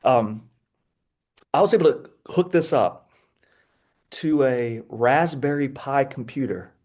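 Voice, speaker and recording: A man, presenting a webinar over a video call in an excitable, playful way with frequent restarts. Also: mid-range voice, slow. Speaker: edtech presenter. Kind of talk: energetic webinar talk.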